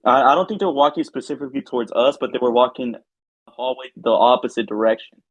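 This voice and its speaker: A man's voice: mid-range voice, quick pace, no echo. A young man, a podcast co-host, telling a rambling, filler-heavy story in casual chat. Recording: dull lo-fi sound.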